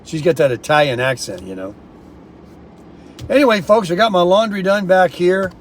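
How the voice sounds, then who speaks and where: Outdoors in a sunny town, a man films a casual vlog on his phone, rambling to viewers and addressing them as folks. His expressive voice sits high and moves at a normal speed, with a little hiss or hum.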